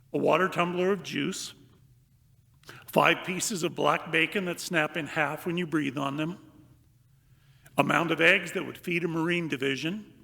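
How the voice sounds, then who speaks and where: Older priest in a reverberant church. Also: male voice, on the high side, creaky. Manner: reflective, unhurried delivery with long pauses; reads aloud with lively comic emphasis. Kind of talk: homily. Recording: long reverb of a large hall.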